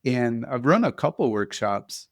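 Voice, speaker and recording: A man hosting a podcast interview in a casual, lively way, often laughing as he tells stories. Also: mid-range voice, unhurried, vocal fry, no echo, clean studio sound. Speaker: podcast host.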